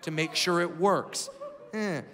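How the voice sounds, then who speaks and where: Animated male stand-up comedian in a hall. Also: a little high, slow, a crowd in the background. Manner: animated storytelling that swings between loud bursts and quiet asides. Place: large comedy venue with a live audience. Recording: reverberant hall with audience noise.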